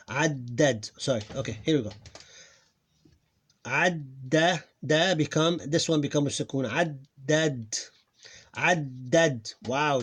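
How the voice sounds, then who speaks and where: A man who is losing his voice, teaching a pronunciation lesson. He talks haltingly, repeats words and drills sounds slowly, clearing his throat now and then. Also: medium pitch. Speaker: Arabic teacher. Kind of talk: live online lesson.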